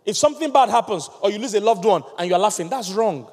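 Man preaching in a reverberant hall, high and lively, plays out dialogue. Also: fast. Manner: animated, acts out voices, laughs with the congregation. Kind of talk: sermon.

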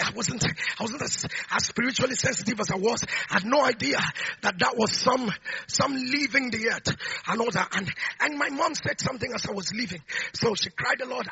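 High-pitched, bright preaching man. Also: creaky, slightly rough, highs cut off. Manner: swings from hushed storytelling to shouted declarations; speaks in tongues between sentences. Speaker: pastor. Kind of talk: sermon with tongues and call-and-response.

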